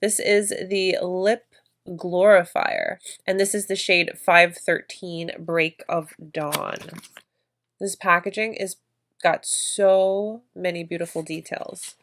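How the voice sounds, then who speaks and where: A woman's voice: lowish voice, fairly even intonation, slow pace, fairly bright tone. A woman vlogger narrating her makeup routine in a chatty, effusive way, gushing over products. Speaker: beauty vlogger.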